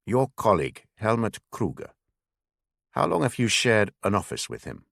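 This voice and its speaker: A man reading a senior male spymaster who speaks slowly and very properly in an audiobook. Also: fairly low pitch, sing-song, creaky, fairly bright tone, no echo, clean studio sound, full character voice. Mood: grave. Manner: slow, very proper. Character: senior male spymaster, older, measured, formal.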